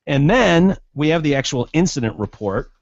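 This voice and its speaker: A man co-hosting a podcast in a loose, mocking tone, with a mid-pitched voice that rises and falls a lot. The sound is dull and close with no room echo. He swears freely as he retells a news story. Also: animated, moderate pace. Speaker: podcast co-host. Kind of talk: casual comedic chat. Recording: dull, lo-fi, dry podcast mic.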